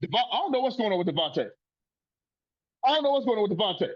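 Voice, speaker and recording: A man's voice: sits high, big pitch swings, racing, highs cut off. A man hosting a sports podcast, ranting in a profane, fired-up way. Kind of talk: heated sports rant.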